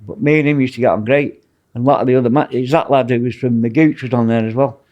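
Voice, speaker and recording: A former prison officer from Manchester, England, with a Mancunian accent, guests on a podcast in a casual storytelling interview. His mid-range, darkish voice moves fast, the highs are cut off, and his anecdotes are blunt and rambling.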